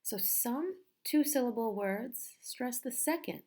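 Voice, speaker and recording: Slow, patient woman teaching pronunciation. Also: fairly high pitch, expressive, a little mellow. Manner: slow, patient, repeats words carefully. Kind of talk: pronunciation lesson.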